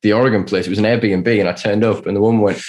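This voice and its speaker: A man's voice: lowish voice, steady tone, rapid-fire, a little mellow. A British man, a podcast guest, telling rambling anecdotes in casual chat with lots of restarts. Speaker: podcast guest, cannabis activist.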